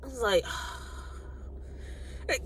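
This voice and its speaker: A young adult woman casually telling a personal story, animated and colloquial, acting out what people said. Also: extremely slow, noisy background. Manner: animated, acts out quotes, colloquial. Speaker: vlogger.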